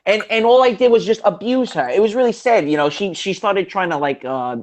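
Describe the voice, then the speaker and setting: A man's voice: high voice, lively intonation, a little fast. A young man in a casual chat, telling blunt stories full of swearing. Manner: blunt, profane storytelling. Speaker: podcast co-host.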